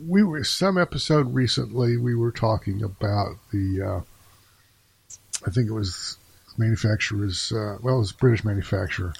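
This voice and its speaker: Husky, halting male co-host. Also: fairly low pitch. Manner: hesitant, halting, wry. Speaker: podcast co-host. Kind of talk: casual podcast chat.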